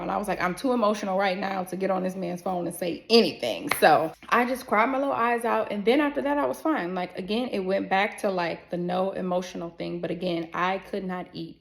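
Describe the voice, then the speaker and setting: A young adult woman telling a personal story in a casual vlog, animated and swearing freely as she acts out other people. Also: medium pitch, gravelly.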